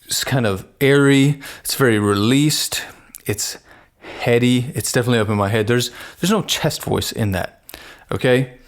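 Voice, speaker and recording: A man teaching singing, explaining plainly and breaking into sung falsetto demonstrations. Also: normal speed. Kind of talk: vocal lesson with sung demonstrations.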